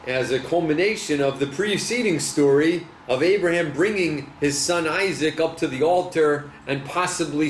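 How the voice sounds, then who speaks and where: A man's voice: a little high, a little hiss or hum. A man, a rabbi, teaching a Torah class to a small live group, reading verses and questioning his listeners with energy. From United States. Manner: animated, poses questions to listeners. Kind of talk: Torah study lesson, reading verses and explaining. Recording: echoey room with faint ambience.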